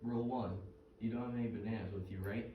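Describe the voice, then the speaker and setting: A man's voice: lowish voice, steady tone, quick pace, narrow, tinny audio, close to an everyday voice. Guy playing a chatty fishing buddy cracking corny jokes, far off mic in a roomy echoey space with noise behind. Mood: folksy. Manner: folksy, joke-telling, full of trivia. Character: chatty middle-aged male fisherman Mike. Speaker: actor in a two-person comedy skit. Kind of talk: scripted comedic dialogue. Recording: roomy, distant, noisy stage recording.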